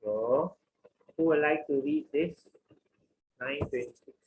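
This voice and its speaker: A man teaching a scripture class, retelling the story in simple, repetitive, halting sentences. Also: a little high, a little mellow, slight background noise. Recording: echoey room with faint ambience.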